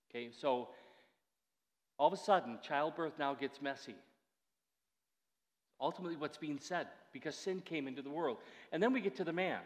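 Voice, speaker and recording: A man's voice: a little high, moderate pace, in a large hall. A man in his sixties preaching a sermon in a chatty, conversational way, with asides and restarts. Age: 60s. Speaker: pastor.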